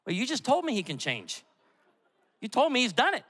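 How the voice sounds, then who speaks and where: A middle-aged male pastor preaching a sermon, telling stories in an animated way with quick asides. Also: very high-pitched. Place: church auditorium. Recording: echoey hall with long reverb.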